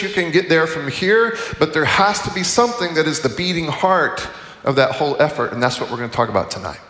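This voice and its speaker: A middle-aged man delivers a chapel sermon in a relaxed, conversational way, restarting phrases and slipping in jokes. His voice sits a little high. The sound carries the long echo of a large hall. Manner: conversational, self-correcting, humorous asides. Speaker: chapel speaker. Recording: echoey hall, distant mic.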